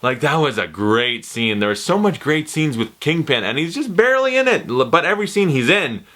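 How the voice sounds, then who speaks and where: Excitable, profane man with a bright voice. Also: fairly high pitch, a little fast. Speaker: TV series reviewer. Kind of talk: casual spoken review.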